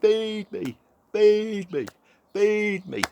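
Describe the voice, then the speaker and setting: A man's voice: sits high, animated, very slow, vocal fry, background noise, pitched above the performer's own voice, full character voice. A man voicing a nest of tiny hungry baby blackbirds in a storybook tale, chanting shrilly and repeatedly. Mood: demanding.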